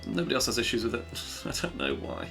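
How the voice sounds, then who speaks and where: A man's voice: mid-range voice, huge pitch swings, fast talker, creaky, music in the background. A young man live-streaming a speedrun, chatting casually and teasing himself about his mistakes. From Britain. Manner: rambling, self-deprecating, chatty.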